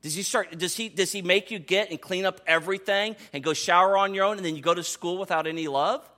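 Speaking quickly in a high-pitched voice, this thirtysomething pastor delivers his sermon like a lively conversation. He shifts between quiet asides and excited exclamations.

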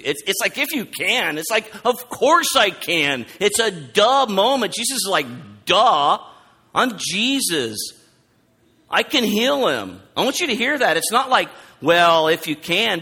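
A man preaching a sermon, animated, acting out quoted lines as he goes. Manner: animated, acts out quoted lines with rising pitch. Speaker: pastor. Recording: long hall reverb.

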